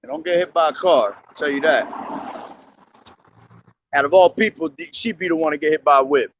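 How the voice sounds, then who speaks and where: A man street preaching outdoors, reading scripture loudly and slowly, then breaking into profane, agitated ranting. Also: fairly high pitch, recorded from a distance, muffled recording, a little hiss or hum. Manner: profane, agitated ranting between loud declaimed verses.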